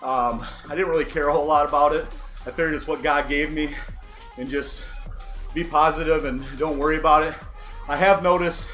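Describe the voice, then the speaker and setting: A man's voice: a little high, steady tone, a little fast, a bit bright. A man in his forties hosting a livestream from an indoor bike trainer, rambling candidly and poking fun at himself. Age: 40s. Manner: candid, self-deprecating, wry. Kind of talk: casual rambling monologue. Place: indoor cycling setup. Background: faint background music.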